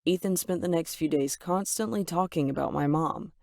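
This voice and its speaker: A woman narrating a first-person story in an even, measured way, voicing the quoted lines herself. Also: low-pitched, vocal fry, no room sound, studio quality.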